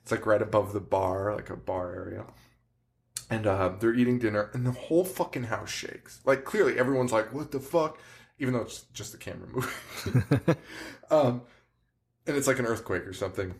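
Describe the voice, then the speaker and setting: A man's voice: on the low side, normal speed, vocal fry. Laughing man retelling movie scenes. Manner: animated retelling with laughs and acted quotes. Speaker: podcast co-host. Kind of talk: casual movie chat.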